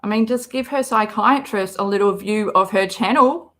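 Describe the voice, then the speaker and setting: A woman's voice: medium pitch, moderate pace, a bit bright. A woman hosting a live reaction stream, chatting casually and rambling as she reads the chat aloud. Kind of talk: casual livestream commentary.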